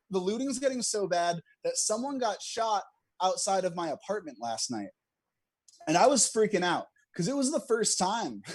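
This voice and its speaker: A young man performs a self-deprecating stand-up set via video call from home, streamed online, and laughs at his own jokes. His voice is high-pitched and a little mellow, with no echo.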